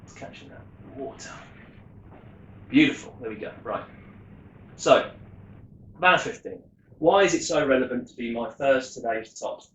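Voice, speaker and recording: A man, telling stories in a chatty, animated way on a rum tasting vlog. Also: medium pitch, normal speed, pauses often, muffled recording, a little hiss or hum. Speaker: rum vlogger. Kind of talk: casual tasting vlog storytelling. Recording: echoey room.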